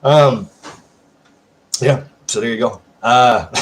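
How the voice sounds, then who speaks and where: A man's voice: medium pitch, drawn-out words. A man hosting a live stream at home, chatting casually with viewers, rambling and swearing constantly while answering chat messages. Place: at home, seated.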